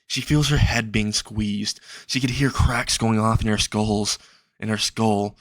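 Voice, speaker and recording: A young man narrating a dark fan fiction story in a slow, halting way. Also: steady tone, no room sound, clean studio sound. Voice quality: low, gravelly voice.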